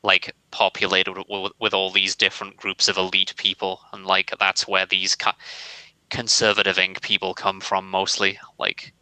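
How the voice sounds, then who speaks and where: A male co-host in a casual stream chat, measured and hesitant as he thinks aloud. His voice is low and flat, with a very bright, crisp tone and a dry, close sound. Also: no room sound, poor audio.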